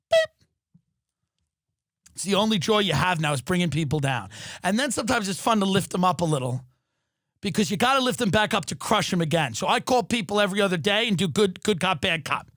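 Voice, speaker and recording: A man delivers a sardonic comic rant in a fairly high voice. His pace jumps from rushed bursts to slow, stretched-out lines, and he sometimes shouts for effect. The sound is close and dry, with no room echo. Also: expressive. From New York. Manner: sardonic, exaggerated, swings between quick bursts and drawn-out lines. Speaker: podcast host. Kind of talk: comedic monologue rant. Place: home studio in Los Angeles.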